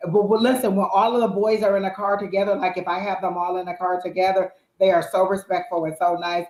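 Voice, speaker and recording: A woman's voice: mid-range voice, flat delivery, fast, a little mellow, echoey room, rough recording. A woman co-hosting a live tarot reading stream from home, talking in a chatty, reassuring, loosely rambling way. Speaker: tarot reader co-host.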